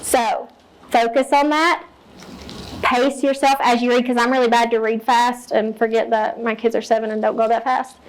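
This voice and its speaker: A woman's voice: on the high side, little pitch movement, moderate pace, slight background noise, low-quality recording. A woman teacher walking fellow teachers through her reading lessons, explaining each step plainly and modeling read-alouds. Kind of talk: teacher training talk.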